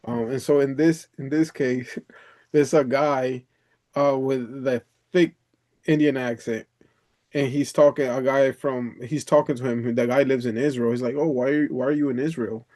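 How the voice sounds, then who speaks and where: A man's voice: mid-range voice, fairly even intonation, normal speed, darkish tone. A man with a mid-range voice talks on a video call with his coach. He is from the Dominican Republic and tells stories loosely, breaking into laughter and peppering his talk with "bro" and swearing. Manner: chatty storyteller, laughs often, swears, says "bro" a lot. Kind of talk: casual chat on a coaching call.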